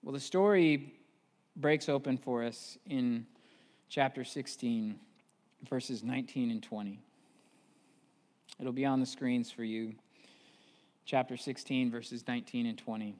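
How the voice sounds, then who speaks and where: A male pastor preaching a sermon in a church, retelling a story in casual, animated style with fillers. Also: medium pitch, measured pace, long pauses, big-room sound.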